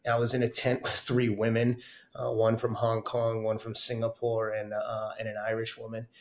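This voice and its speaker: A middle-aged man telling his story as a podcast guest, animated and often laughing as he acts out what others said. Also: lowish voice, normal speed, echoey room. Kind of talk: casual storytelling interview.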